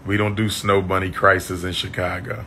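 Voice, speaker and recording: A man chatting on a livestream, losing his voice, repeating shout-outs to his viewers. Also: sits low, flat delivery, normal speed, slight background noise. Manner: repetitive, call-and-response shout-outs to viewers. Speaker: livestream host. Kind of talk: casual livestream chat.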